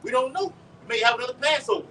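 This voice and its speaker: A man preaching live outdoors and leading the teaching, with a lively, repetitive delivery, calling on others to read verses. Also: very high-pitched, racing. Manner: animated, repeats words, calls for scriptures. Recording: distant mic with faint street noise.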